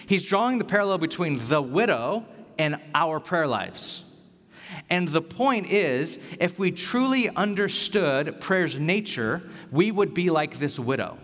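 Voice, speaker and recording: A man's voice: fairly high pitch, fairly bright tone. Emphatic male preacher in an echoey hall. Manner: earnest, emphatic, conversational with humor. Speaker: pastor. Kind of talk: sermon. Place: church hall.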